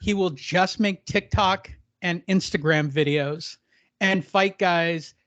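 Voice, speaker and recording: Joking boxing podcast host. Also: male voice, sits high, slow pace, a bit bright, dry recording, dull audio. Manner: joking, self-mocking, crude. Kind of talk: casual boxing talk.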